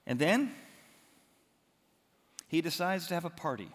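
Male pastor, animated storyteller, voice swinging widely up and down, recorded in a reverberant hall. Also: fairly high pitch, a little slow. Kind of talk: expository sermon.

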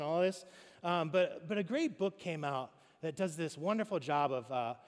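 A man's voice: a little high, in a large hall. A man preaching a sermon, speaking conversationally and with animation, addressing the congregation directly. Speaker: pastor.

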